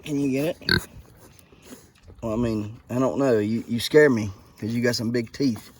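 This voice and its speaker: A man's voice: medium pitch, normal speed, a little mellow, a little hiss or hum. A man who keeps pigs on a homestead, chatting in a playful, teasing way to his animals outdoors. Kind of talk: casual vlog chat. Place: outdoor pig pen on a farm.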